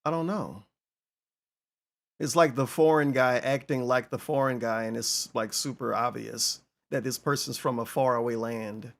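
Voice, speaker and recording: A man's voice: medium pitch, fairly even intonation, moderate pace, creaky. A man commenting on a stream in a dry, mocking way, swearing casually.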